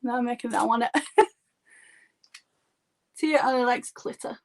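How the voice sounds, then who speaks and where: Yorkshire woman in her thirties, high-pitched and slow-paced, chatty makeup artist rambling through a live stream. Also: steady tone. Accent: Yorkshire English. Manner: chatty and rambling, heavy use of "like". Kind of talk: casual live-stream chat.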